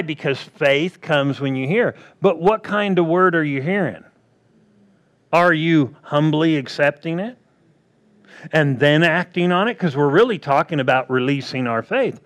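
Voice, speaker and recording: A man preaching a sermon, acting out quoted voices and swinging between loud bursts and hushed asides. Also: on the high side.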